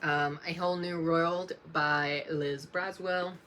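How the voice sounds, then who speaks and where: A young woman with a low but bright, clear voice takes her time as she reads through her book list, stopping now and then to apologize with a small laugh. The recording has a faint hum of room noise behind her. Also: steady tone. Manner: slow and unhurried, often apologizing and laughing softly. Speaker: book vlogger. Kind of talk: casual reading-list vlog.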